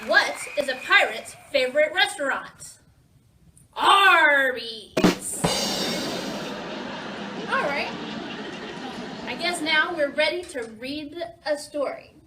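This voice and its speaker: A woman's voice: high-pitched, measured pace, distant mic, over music, crowd noise, rough recording. A woman reading a picture book aloud to children in a playful pirate persona, asking them questions as she goes. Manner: playful pirate-talk, animated with questions to kids. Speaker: children's storytime reader.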